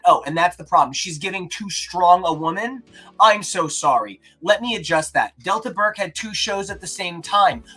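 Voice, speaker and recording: Animated man co-hosting a reaction chat. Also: high voice. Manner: animated, rapid-fire questions and mock outrage. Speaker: podcast co-host.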